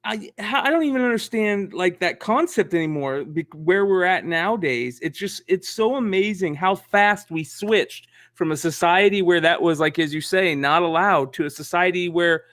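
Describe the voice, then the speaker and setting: A man's voice: high voice, moderate pace, hardly any pauses, a bit bright, no echo, studio quality. A man interviewing, asking eager, stumbling questions in casual chat.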